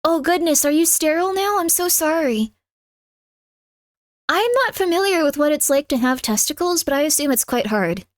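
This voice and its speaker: A high-pitched woman streamer chatting live from her room at home. She rambles in a loose, friendly way, drops "like" into most sentences and breaks into sharp yelps at her cat. The sound is close and dry, with no room echo. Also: lively intonation, normal speed. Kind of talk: casual live-stream chat.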